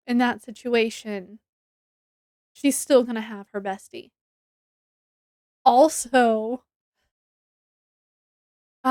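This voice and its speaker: High-voiced, unhurried woman chatting. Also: clean tone, dry recording, clean studio sound. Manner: rambling, self-correcting, giggly. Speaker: book reviewer. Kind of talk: casual chat.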